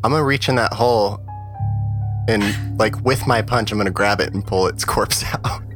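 A woman's voice: a bass voice, moderate pace, music in the background. A woman playing at a tabletop game, laid-back and laughing often. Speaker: player. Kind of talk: casual play at a tabletop game.

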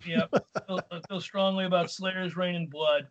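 A man's voice: high voice, steady tone, moderate pace, dull audio. A man hosting a casual sports talk show, reading listener questions and talking emphatically. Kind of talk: casual sports radio chat.

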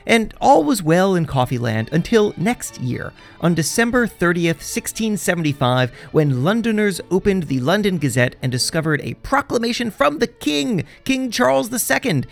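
A man's voice: high voice, very animated, moderate pace, gravelly, hardly any pauses, soft background music. A man hosting a podcast, narrating a scripted history story in a wry, jokey way. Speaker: podcast host.

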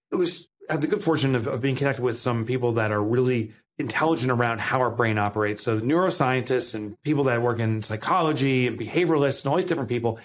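A man with a New Jersey accent, a guest author talking emphatically in a podcast interview. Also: medium pitch. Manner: emphatic, animated, motivational.

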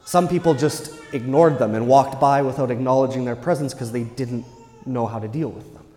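A man, a Catholic priest, giving a Sunday homily in an earnest, measured way with emphatic pauses. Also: mid-range voice, mellow, faint music behind. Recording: long church reverb.

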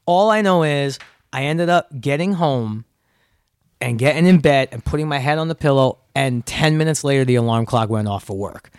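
A man's voice: mid-range voice, animated, moderate pace, smooth, no room sound. A young man, an actor guest, telling stories in a laid-back, wry way. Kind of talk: casual chat.

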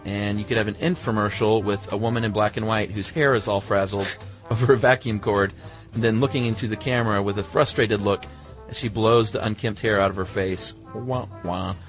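A middle-aged man with a somewhat low voice, co-hosting a podcast. He talks in a loose, easygoing way and reads listener mail aloud. Faint music plays underneath. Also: steady tone, fairly quick, few pauses. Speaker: podcast co-host. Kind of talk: casual chat.

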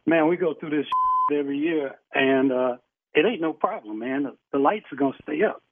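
A man's voice: on the high side, moderate pace, slight background noise. A man on the phone who argues defiantly, swears and laughs scornfully. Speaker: prank call target. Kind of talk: heated phone argument. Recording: tinny phone line.

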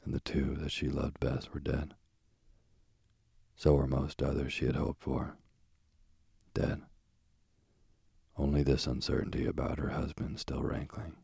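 Deep gravelly male audiobook narrator. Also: monotone, dark tone, no room sound, studio quality. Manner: measured, solemn reading.

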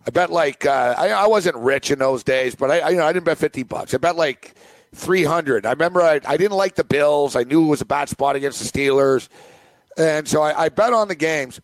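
A middle-aged man hosting a sports betting podcast, telling a rambling, animated anecdote in casual chat. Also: fairly high pitch, a little fast, dry recording. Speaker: podcast host. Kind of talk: casual storytelling.

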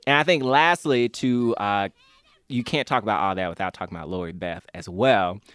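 A man's voice: lowish voice, moderate pace, a bit bright, no room sound. A man in his thirties chatting as an interview guest, enthusiastic and rambling, laughing often. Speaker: guest, comedy fan. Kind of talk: casual interview chat.

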